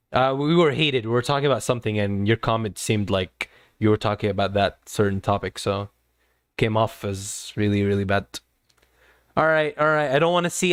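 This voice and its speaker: A man's voice: mid-range voice, clean tone, no echo, clean studio sound. A man streaming live, talking to his chat in an earnest, lecturing way and often repeating himself. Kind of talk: casual livestream talk to chat.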